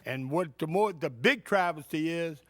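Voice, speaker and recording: Man, high voice, dry close sound, indignant public comment, rhetorical questions, council chamber. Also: moderate pace, no room sound.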